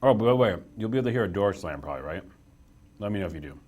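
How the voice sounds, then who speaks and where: A man's voice: fairly low pitch, expressive, rapid-fire, darkish tone, lo-fi sound. A young man hosting a casual live stream from a small office room, chatty and self-deprecating as he reads the chat aloud.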